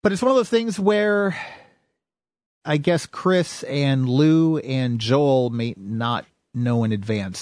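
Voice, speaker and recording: A man's voice: medium pitch, a little mellow, dry recording, studio quality. An American man hosting a casual podcast chat, rambling with lots of fillers and restarts. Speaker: podcast host.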